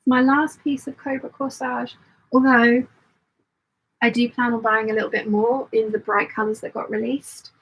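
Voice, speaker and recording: A woman with a somewhat high, gravelly voice runs a casual sewing live stream. Her tone is husky and a little breathy as she rambles through her plans. She stops now and then to read and answer viewer comments. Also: flat delivery, normal speed, low-quality recording. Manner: chatty and rambling, thinks aloud while sewing. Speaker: sewing channel host.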